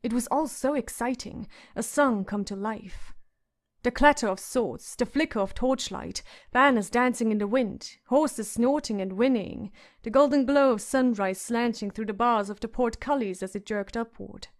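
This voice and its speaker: A woman narrating a fantasy audiobook in a measured storytelling manner. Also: on the high side.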